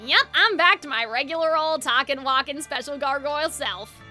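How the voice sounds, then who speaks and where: A woman's voice: high voice, normal speed, bright, forceful tone, soft background music. A woman voicing a chummy, folksy male stone gargoyle with drawled slang in a game read-aloud. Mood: folksy cheerful.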